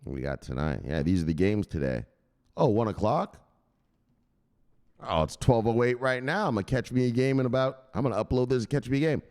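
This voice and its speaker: A man hosting a crypto news vlog, brash and rowdy, swearing and shouting sound-effect words between headlines. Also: mid-range voice, expressive, brisk, big-room sound. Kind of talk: casual hyped commentary.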